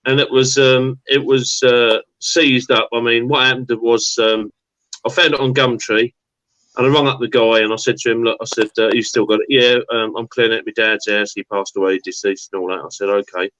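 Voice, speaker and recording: A man's voice: medium pitch, steady tone, brisk, fairly bright tone, no room sound, highs cut off. A man with a mixed Essex and Suffolk accent, chatting casually on a live stream as a guest, rambling with lots of fillers and hesitations. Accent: Essex and Suffolk mix. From England. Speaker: guest mower enthusiast.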